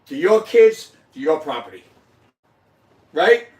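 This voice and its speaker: A man's voice: fairly high pitch, very animated, takes it slowly, a little mellow. A man hosting a casual chat, emotional, profane and insistently repeating himself. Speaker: host. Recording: echoey room, mic at a distance.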